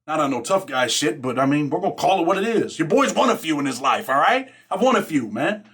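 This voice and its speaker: A middle-aged podcast host from Rochester, New York tells a jailhouse story in a casual monologue, using street slang, constant "man" and "right?", and acting out others' lines. His husky, a-little-high voice is a bit bright, with big pitch swings and fast delivery.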